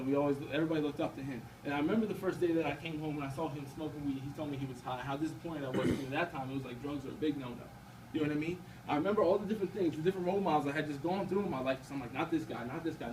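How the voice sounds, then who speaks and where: Young man, quick, high-voiced testimony speaker, chatty, distant mic and faint hiss. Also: a little mellow. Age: 20s. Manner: casual and conversational, often asking "you know what I mean". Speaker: student speaker at a campus ministry event. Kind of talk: personal faith testimony. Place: event room at a campus gathering.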